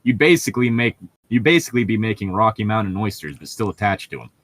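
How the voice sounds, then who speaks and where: A man's voice: fairly low pitch, big pitch swings, fast talker, a bit bright. A man co-hosting a casual podcast, joking and riffing sarcastically while the group reads a book aloud. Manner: sarcastic, riffing, laughs often. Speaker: podcast co-host reading aloud.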